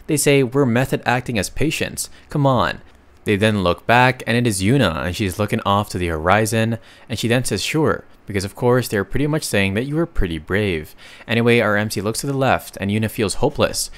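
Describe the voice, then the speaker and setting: Casual chatty male recap narrator. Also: medium pitch. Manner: chatty, slangy asides while retelling.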